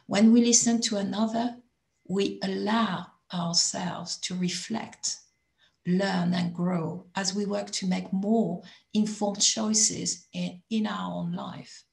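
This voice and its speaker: A woman from abroad telling a personal story in a calm, measured, reflective way on a video call. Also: medium pitch, creaky, echoey room. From not from England. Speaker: chat panelist.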